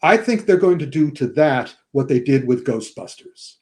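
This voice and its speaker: A man's voice: medium pitch, moderate pace. An older man talking casually about films on a podcast, telling stories at length and acting out the lines people say. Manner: animated storyteller, acts out quotes in different voices. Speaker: regular guest film expert.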